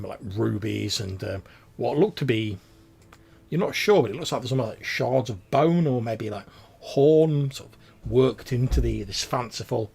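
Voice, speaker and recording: A man's voice: lowish voice, vocal fry, slightly rough. A man narrating as game master, describing scenes in a loose, rambling way with many fillers.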